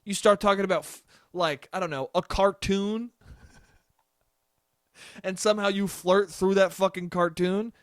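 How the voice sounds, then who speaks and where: A man's voice: sits high, fairly even intonation, measured pace, long pauses, no echo, clean studio sound. A young adult man hosting a solo podcast, rambling casually with lots of swearing and frequent laughter. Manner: rambling, profane, laughs often. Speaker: podcast host.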